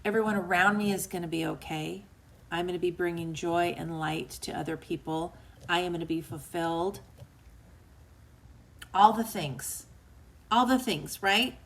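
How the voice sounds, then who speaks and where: A woman's voice: on the low side, fairly even intonation, normal speed, creaky, long pauses. A woman author hosting a book club livestream, giving a heartfelt motivational talk to live viewers in an emotional, earnest way and reading out their comments. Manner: emotional and earnest, dips quiet and soft; chatty, reads out viewer comments.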